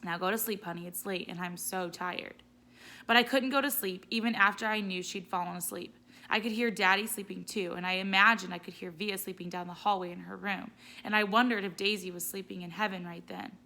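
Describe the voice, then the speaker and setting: Bright-voiced teacher reading aloud. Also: female voice, mid-range voice, steady tone, brisk, creaky. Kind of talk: read-aloud storytelling.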